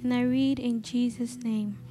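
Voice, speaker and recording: A woman reading a scripture passage aloud in church in a slow, measured way. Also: fairly high pitch, fairly even intonation, over music. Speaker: scripture reader.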